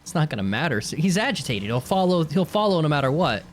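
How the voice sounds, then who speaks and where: A woman streaming gameplay with live commentary, swearing and yelling at the monsters on screen, swinging from low mutters to shrieks. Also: sing-song, quick pace, faint music behind. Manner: swears a lot, yells at monsters.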